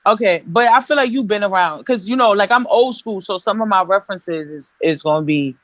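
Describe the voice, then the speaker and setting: A woman's voice: medium pitch, fairly quick, no echo. A woman, a singer and songwriter chatting animatedly in slangy street talk on a radio show. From Brooklyn, New York. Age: 30s. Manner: animated, slangy, lots of "you know what I'm saying". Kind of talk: casual radio interview chat.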